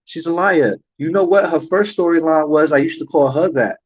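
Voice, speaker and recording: A man with a slightly high voice speaks at a moderate pace while hosting a livestream. He rants heatedly and profanely with repeated rhetorical questions, and the audio is dull lo-fi stream sound.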